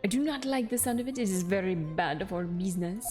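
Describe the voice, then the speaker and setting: A woman's voice: medium pitch, expressive, brisk, a little mellow, faint music behind, lightly acted. A woman voicing a boastful middle-aged male balloonist in a put-on comic foreign accent, hammy and dramatic. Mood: indignant.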